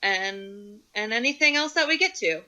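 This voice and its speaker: A woman's voice: mid-range voice, expressive, moderate pace, pushed and bright, clear, resonant tone. A woman from the United States co-hosting a podcast in casual chat, with a wry, teasing manner as she steers the talk. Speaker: podcast co-host.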